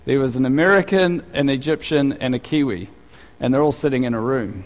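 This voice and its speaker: A man's voice: mid-range voice, fairly quick, long reverb tail. A male pastor giving a sermon, telling stories in a conversational way with frequent restarts.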